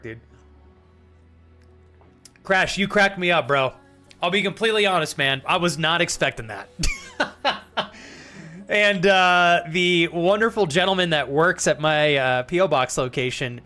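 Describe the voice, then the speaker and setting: A man's voice: fairly high pitch, pushed and bright. A man with an American accent chatting to his live-stream audience, laughing often and swearing freely.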